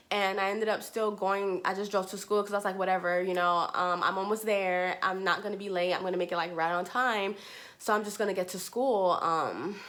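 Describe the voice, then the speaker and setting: Speaking at medium pitch with a slightly bright tone, a young nursing student chats casually with her viewers. Her storytelling to camera is loose and talkative, sprinkled constantly with "like" and "you know."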